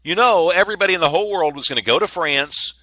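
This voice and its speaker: A man's voice: high voice, fast, bright, forceful tone, no room sound. A man hosting a casual solo podcast, rambling and joking with frequent stammers and restarts. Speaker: podcast host.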